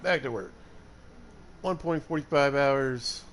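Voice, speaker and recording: A man's voice: mid-range voice, slow, slight background noise. A man from Alabama with a Southern US accent, chatting and joking to viewers while streaming a survival game. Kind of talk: casual gameplay commentary.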